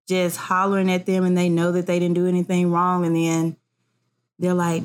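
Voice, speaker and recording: A woman in casual chat as a podcast co-host, telling animated family stories. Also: lowish voice, normal speed, clear, resonant tone. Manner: animated storyteller, acts out family voices.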